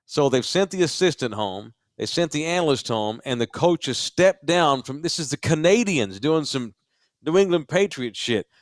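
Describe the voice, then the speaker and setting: A man co-hosting a sports podcast, his pitch swinging freely as he rants and jokes. His voice sits in the middle of the range and comes across dry and close in the studio. He swears freely and laughs easily. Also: no echo. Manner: animated, profane, quick to laugh. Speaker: podcast co-host. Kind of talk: casual sports chat.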